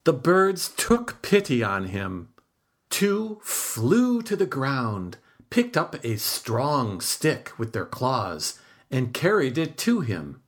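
A woman reading a children's folk tale aloud, slow and expressive, her pitch swooping on key words. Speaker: storyteller. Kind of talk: storybook read-aloud.

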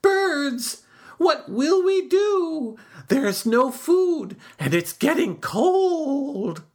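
A woman voicing a chatty, boastful male turtle in a storybook, with high wailing pleas and a slow sing-song. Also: very animated, full character voice. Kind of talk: storybook read-aloud.

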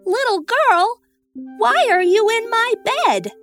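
A tiny bear cub cries out in a shrill, squeaky voice, as a woman reads the storybook aloud. His words come loud and sharp. Soft music plays faintly behind him. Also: animated, takes it slowly, full character voice. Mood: upset. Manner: crying out, upset. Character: small high-voiced baby bear cub.

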